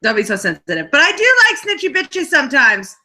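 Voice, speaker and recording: High, very bright teasing woman. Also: sing-song, fast talker. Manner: playful and teasing, laughs often. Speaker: co-host. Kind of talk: casual live chat.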